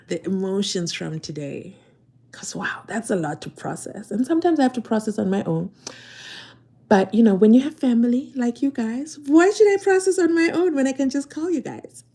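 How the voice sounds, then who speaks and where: A woman hosting a casual live stream from her phone, chatting away and swinging from loud excited pleas to soft whispered asides. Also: fairly high pitch, moderate pace.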